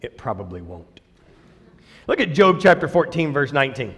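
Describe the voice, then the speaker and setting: A man preaching a sermon in a church, talking in a lively, conversational way and joking with the congregation. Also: mid-range voice, normal speed, in a large hall. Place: church sanctuary.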